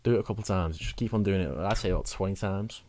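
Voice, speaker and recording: Deep-voiced and a little mellow, this young man speaks quickly over slight background noise. As a wellbeing vlogger in a casual video, he rambles through his advice in a chatty way, frequently poking fun at himself with a laugh.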